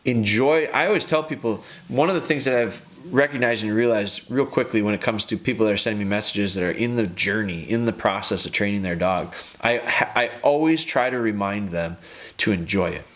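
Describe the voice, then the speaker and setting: Earnest low-voiced man giving advice. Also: brisk, fairly bright tone. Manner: earnest, repetitive, coaching tone. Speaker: dog trainer, podcast host. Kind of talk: casual advice podcast.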